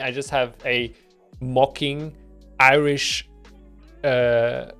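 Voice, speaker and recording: A man's voice: mid-range voice, a bit bright. A man casually talking through his game's development on a stream, rambling with lots of fillers and a self-deprecating tone. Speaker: indie game developer streaming. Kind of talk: casual devlog stream talk.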